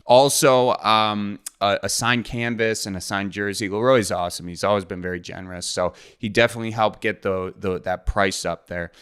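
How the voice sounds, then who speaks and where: A man's voice: fairly low pitch, fairly even intonation, moderate pace, few pauses, fairly bright tone, clear, resonant tone. A man, hosting his podcast in a folksy, joking, rambling way. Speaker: podcast host. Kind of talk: casual solo podcast intro.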